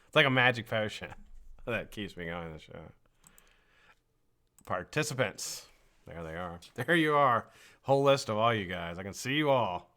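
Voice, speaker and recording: A man hosts a live stream, greeting his viewers by name in a bright, forceful voice. His pitch jumps up and down a lot as he talks. He has a frog in his throat. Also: normal speed, pauses often. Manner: energetic, greets viewers one by one. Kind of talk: casual live-stream chat.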